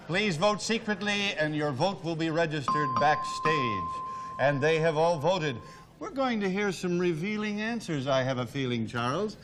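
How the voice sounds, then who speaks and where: A man's voice: on the high side, vocal fry, fairly bright tone. A man hosting a TV game show in a jokey, bantering way. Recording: noisy old TV broadcast with studio audience.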